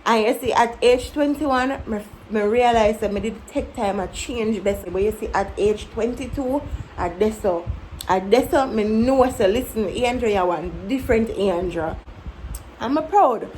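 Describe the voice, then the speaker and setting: A woman in her twenties speaks with a Jamaican accent in a fairly high voice. She talks to camera in a candid, reflective vlog style and tells her stories with animation. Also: moderate pace, a little hiss or hum, poor audio. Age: 20s. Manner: candid, animated, breaks into mimicking her younger self. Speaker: vlogger. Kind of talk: casual reflective storytelling to camera.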